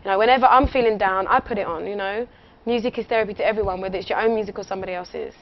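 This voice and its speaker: Talking very fast in a mid-range voice with fairly even intonation, a young Englishwoman chats casually as a radio interview guest. She rambles, giggles, and uses many fillers, all captured in muffled lo-fi audio with faint noise.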